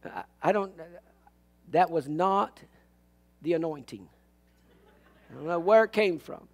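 This pastor's voice is very high-pitched. His sermon is animated and folksy, dotted with comic stories, and his volume jumps from loud to hushed.

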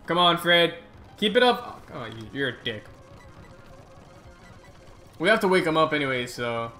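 Speaking in a fairly high voice, a man rambles casually through gameplay commentary on his channel. He's excitable, groaning and swearing at the game without hesitation, while soft music plays in the background.

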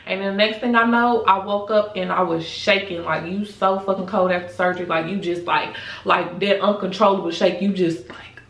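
A woman's voice: mid-range voice, fairly even intonation, normal speed, a bit bright, distant mic. A young woman telling a story in a casual vlog, candid and profane, saying "like" constantly. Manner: candid and profane, heavy filler "like". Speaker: vlogger. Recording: roomy echo, voice set back from the mic.

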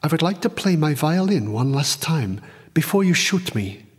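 A man doing a quiet, resigned young spy. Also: on the high side, moderate pace, breathy edge. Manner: calm and subdued. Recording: long reverb.

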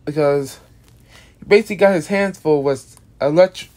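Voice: mid-range voice, normal speed, darkish tone. Tired, foul-mouthed creator rambling through a casual monster-character explainer. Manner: rambling, restarts often, swears casually. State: tired, yawning. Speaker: video creator presenting an original monster character.

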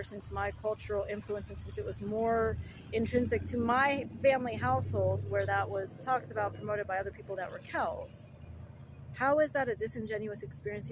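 A woman's voice: mid-range voice, noisy background. A woman delivering an indignant, argumentative monologue, full of rhetorical questions, fillers and restarts. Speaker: vlogger.

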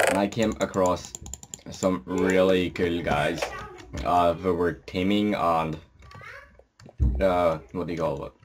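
A man with a groggy morning voice, giving casual, rambling commentary while he plays a game. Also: deep voice. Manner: rambling, casual, swears when startled. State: groggy morning voice, just out of bed. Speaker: gameplay commentator. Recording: noisy home mic with keyboard clicking.

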